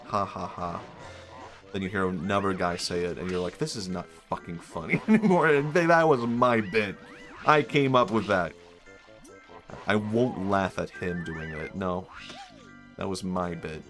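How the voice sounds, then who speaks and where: A man's voice: low voice, unhurried, pauses often, fairly bright tone, faint music behind. A young man from Sweden, rambling and reacting to chat on a casual live stream, amused at his own jokes.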